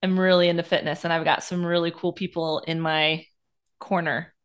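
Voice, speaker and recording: A woman with an American Midwestern accent, hosting a podcast interview with supportive, quick affirmations. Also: fairly low pitch, level tone, smooth. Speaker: podcast host. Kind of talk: casual interview.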